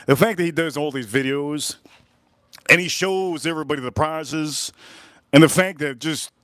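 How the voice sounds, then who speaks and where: Chatty man with a slightly high voice. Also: normal speed, fairly bright tone, no room sound, clean studio sound. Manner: repeats phrases and retells dialogue with "he goes, I go"; chatty and loose, with restarts and self-corrections. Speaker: livestream host. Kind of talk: casual storytelling on a livestream.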